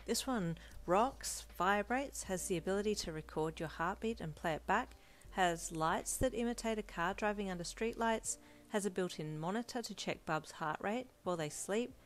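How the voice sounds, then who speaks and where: A woman's voice: mid-range voice, normal speed, faint music behind, lightly acted. Woman reading an eager young dad-to-be. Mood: amazed. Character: eager young father-to-be, earnest man.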